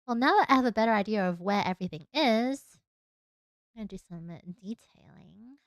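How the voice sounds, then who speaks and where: A woman's voice: on the high side, expressive, a little fast, no room sound, clean studio sound. Chatty Australian young woman streamer. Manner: chatty, self-mocking, giggly asides. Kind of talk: casual chat while drawing.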